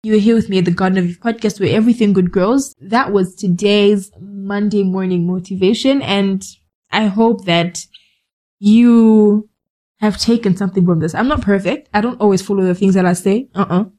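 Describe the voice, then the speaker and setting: A woman's voice: medium pitch, fairly even intonation, normal speed, dark tone, poor audio. A woman hosting a podcast, giving a direct, conversational motivational monologue with scolding asides. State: cold, shivering. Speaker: podcast host.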